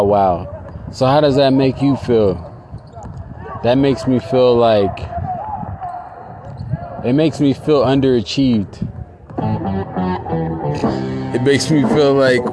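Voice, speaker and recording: Man, casual podcast host, profane, rambling, loud music behind. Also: medium pitch. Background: loud music beat.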